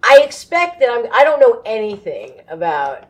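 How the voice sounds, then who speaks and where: A woman's voice: on the high side, sing-song, normal speed. A woman co-host in casual chat, reacting to the stories, laughing along and swearing freely. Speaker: podcast co-host.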